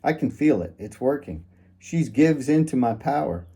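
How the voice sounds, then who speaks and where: A man's voice: mid-range voice, animated, moderate pace, dark tone, slightly rough. A man reading first-person fiction aloud in a wry, sardonic manner. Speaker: audiobook narrator.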